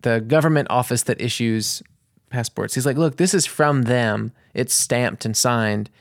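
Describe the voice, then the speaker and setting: Man, mid-pitch, vlog storyteller, chatty and rambling, dry close recording. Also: measured pace, dry recording. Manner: rambling, restarts and searches for words. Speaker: vlogger. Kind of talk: casual storytelling to camera.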